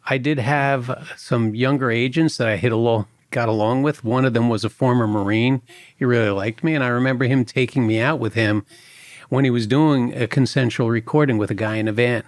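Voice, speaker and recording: A man, a former agent telling lively stories in a podcast interview and acting out other people's voices. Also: mid-range voice, brisk, dry recording. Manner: animated anecdotes, acts out other people's voices. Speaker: former FBI agent guest.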